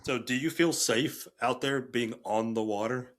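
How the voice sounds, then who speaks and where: A man hosting a podcast, asking his guest questions in a calm, plain way. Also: medium pitch, measured pace. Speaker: podcast host. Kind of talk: interview questions.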